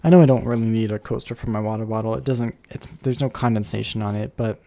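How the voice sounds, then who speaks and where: Rambling streamer with a dark, gravelly voice. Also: male voice, fairly low pitch, quick pace. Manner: rambling, chatty, playful asides. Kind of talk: casual live-stream chat. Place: warm room at home. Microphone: desk microphone. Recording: slight background hum.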